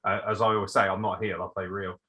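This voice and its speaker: Brash, sarcastic podcast host, young man, bright, forceful tone, swears freely. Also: low-pitched, little pitch movement, fast talker, low-quality recording. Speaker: podcast host answering listener questions. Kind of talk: casual banter.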